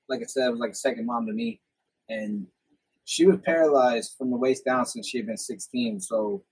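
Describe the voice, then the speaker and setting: Husky young man telling stories. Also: medium pitch, rough recording. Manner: swears a lot, rambling anecdotes. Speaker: podcast host. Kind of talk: casual storytelling chat.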